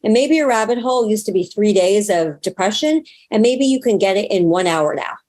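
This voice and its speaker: A woman's voice: medium pitch, expressive, fairly quick, darkish tone. A woman spiritual teacher talking frankly in a casual interview, swearing now and then and acting out her own self-talk. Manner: acts out inner self-talk in quoted asides. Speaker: spiritual teacher and astrologer guest.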